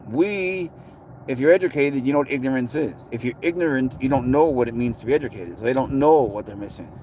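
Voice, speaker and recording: A man's voice: mid-range voice, a little fast, dark tone, a little hiss or hum. A man chatting casually in a blunt, sarcastic way, answering viewers' comments on a livestream. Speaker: pet owner streaming to viewers.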